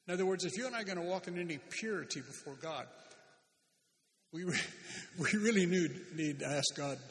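A man preaching a sermon as a pastor, animated and emphatic, with sudden loud bursts and speech. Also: high-pitched, normal speed, pauses often. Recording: long hall reverb.

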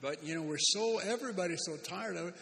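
A man preaching a sermon as a pastor, animated and emphatic, with sudden loud bursts and speech. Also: high voice, fast, vocal fry, slight background noise. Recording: long hall reverb.

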